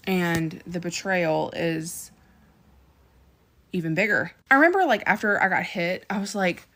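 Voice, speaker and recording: A woman's voice: on the low side, moderate pace, fairly bright tone. A woman in her thirties telling her dating story in a distressed, searching way, repeating herself. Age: 30s. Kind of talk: confessional monologue.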